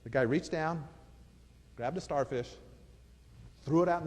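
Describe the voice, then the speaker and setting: Male motivational speaker with a high voice, storytelling and emphatic, in a reverberant hall. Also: measured pace. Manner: animated, repeats phrases for emphasis.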